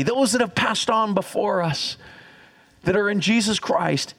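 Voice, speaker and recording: A man preaching a sermon as pastor, energetic and teaching, calling on the congregation to repeat after him. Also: high-pitched, moderate pace, vocal fry. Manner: energetic, teaching, audience call-and-response.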